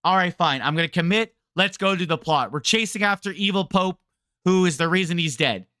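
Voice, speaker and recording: A man's voice: sits high, brisk, sharp tone, dry recording, clean studio sound. A man streaming a game, ranting to his chat in a rambling, sarcastic way. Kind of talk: casual game rant to chat.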